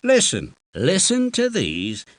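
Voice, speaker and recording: A man's voice: high-pitched, huge pitch swings, takes it slowly, no echo. A man from the UK giving patient, encouraging instructions as narrator of a children's game, recorded in a studio. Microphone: close studio mic.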